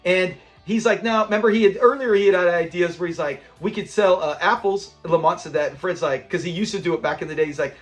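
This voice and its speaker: A man with a high voice gushes through an episode breakdown, slipping into the characters' lines as he recaps. Faint music sits under his talk. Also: a little fast. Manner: enthusiastic, acts out quoted lines. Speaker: channel host.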